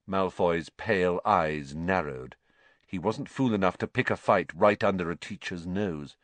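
A man narrating a storybook in an expressive, dramatic way. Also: low voice, unhurried, no room sound. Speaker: audiobook reader.

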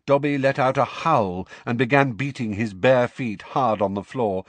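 A man narrating an audiobook in an expressive, measured storytelling manner. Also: mid-range voice, no room sound. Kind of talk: scripted narration.

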